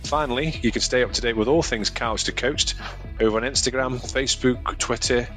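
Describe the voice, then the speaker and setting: A man's voice: mid-range voice, brisk, fairly bright tone, faint music behind. A man co-hosting a casual running podcast, chatting in a rambling way and laughing often. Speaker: podcast co-host. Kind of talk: casual chat.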